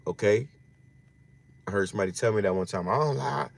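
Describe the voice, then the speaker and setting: Man, lower register, religious teacher giving a loose, slangy scripture talk with lots of restarts. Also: brisk, gravelly. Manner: slangy, repeats phrases, frequent restarts.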